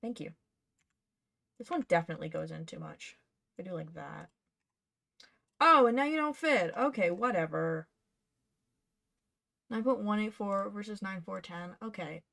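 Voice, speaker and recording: A woman's voice: medium pitch, lively intonation, unhurried, gravelly, pauses often, a bit bright. A woman streaming her cosplay patterning work, chatting casually and muttering to herself as she works. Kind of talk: casual live-stream chat while working.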